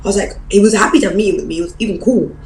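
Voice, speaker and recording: A woman pastor, preaching a personal testimony in an animated storytelling way. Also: medium pitch, racing, creaky, reverberant, a little hiss or hum, poor audio. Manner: animated storyteller, acts out quoted voices.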